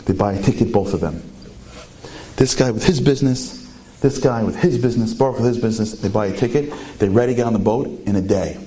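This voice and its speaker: Speaking at a quick pace, this man delivers an inspirational story with animation, throwing lots of rhetorical questions to his listeners. His pitch jumps upward whenever he wants to stress a point.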